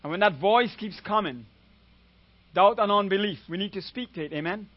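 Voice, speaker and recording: A man with a high voice preaches a sermon, often checking in with his listeners with a questioning "amen?". The sound is dry and a bit dull and lo-fi. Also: moderate pace, dry recording. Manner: calls "amen?" often, retells a story with quoted voices. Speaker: guest preacher.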